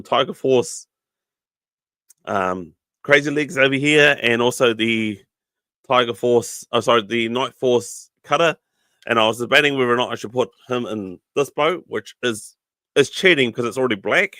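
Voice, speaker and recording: A man's voice: medium pitch, normal speed, pushed and bright, dry recording. A man with a New Zealand accent hosting a casual livestream podcast, rambling with lots of ums and chummy asides to viewers, his throat sore and catching. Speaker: podcast host.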